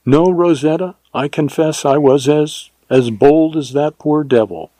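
A man reading a husky young ranger. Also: a little high, a little slow, warm tone, dry recording, voice pushed up, lightly acted. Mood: earnest. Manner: earnest, husky. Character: young Texas ranger man, steady and bold.

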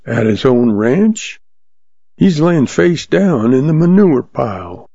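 Calm cowhand, slow mild drawl, lifted pitch, played by a man. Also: creaky, husky, dry recording, full character voice. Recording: dry, slightly muffled lo-fi.

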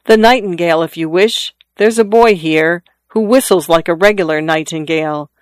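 A reader voicing an awkward sailor who speaks hesitantly, in a smooth, dry voice. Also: medium pitch, moderate pace, no echo, natural voice.

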